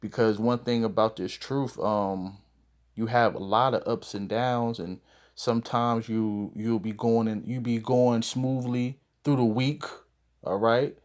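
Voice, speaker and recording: A man of middle pitch gives a casual scripture lesson, reading each verse aloud and then unpacking it in plain, conversational talk. His delivery is relaxed and unpolished, full of fillers, with a mild curse now and then. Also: measured pace. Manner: loose and conversational, with mild swearing and many fillers. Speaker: Bible teacher.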